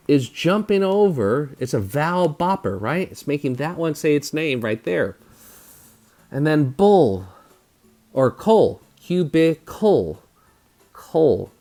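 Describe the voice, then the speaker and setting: A man teaching a phonics spelling lesson to children, sounding out words slowly and patiently and over-enunciating each syllable. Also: a little high, very animated, darkish tone.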